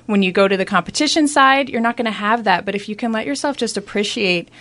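A woman's voice: medium pitch, fast talker, a bit bright. A woman who is a guest on a radio talk discussion, speaking sincerely and encouragingly.

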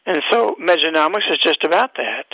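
A man's voice: a little high, expressive, brisk, pushed and bright, dry recording, low-quality recording. A man hosting a radio talk show, delivering an emphatic, preachy monologue full of rhetorical questions.

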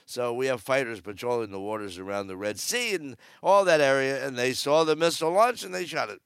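Older man in his 70s, podcast host, gravelly and dry-miked, blunt rambling commentary. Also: medium pitch, expressive, fairly quick, fairly bright tone, no echo. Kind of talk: opinionated news commentary. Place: aboard a cruise ship.

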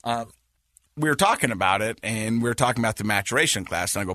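A man in his forties hosting a casual podcast chat, telling stories with a lively, laughing manner. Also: on the low side, fast talker, no echo, studio quality. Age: 40s. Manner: animated storytelling, laughs often. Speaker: podcast host.

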